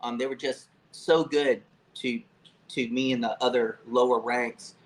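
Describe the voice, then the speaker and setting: Profane, animated storytelling man in his fifties. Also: mid-range voice, a little slow, slight background noise, low-quality recording. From Florida, USA. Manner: profane, animated anecdote-telling with frequent fillers. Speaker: interview guest. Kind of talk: casual storytelling.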